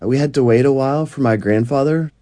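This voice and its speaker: A man's voice: mid-range voice, fairly quick, mellow, dry recording. A man interpreting a young woman's personal story into English for radio.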